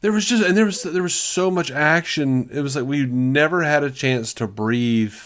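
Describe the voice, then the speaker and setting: A man co-hosting a podcast in casual chat, animated and mocking. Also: on the high side, moderate pace. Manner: animated, mocking, breaks into laughter. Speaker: podcast co-host.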